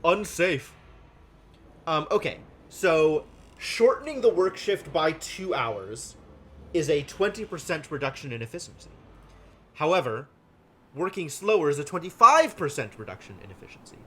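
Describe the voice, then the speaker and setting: A man narrating his own live strategy-game session, reasoning out loud and tossing in dry, wry asides. His pitch swings widely as he talks, and his voice has a bright, crisp edge. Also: moderate pace. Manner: thinking aloud, wry and deadpan asides. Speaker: game streamer. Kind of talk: live gameplay commentary.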